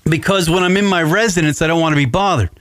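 A man's voice: fairly high pitch, quick pace, no echo. A man hosting a radio talk show, rambling and swearing as he retells a story in casual comedic chat. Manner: profane, rambling, animated retelling.

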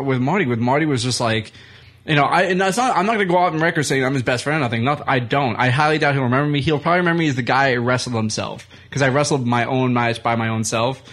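A man in a radio studio tells loose, rambling stories full of swearing and restarts. His voice sits at an ordinary middle pitch, and he sounds animated and chatty as he talks. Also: fast. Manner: profane, rambling, animated anecdotes. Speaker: guest comedian and wrestler. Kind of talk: casual storytelling on a talk radio show.

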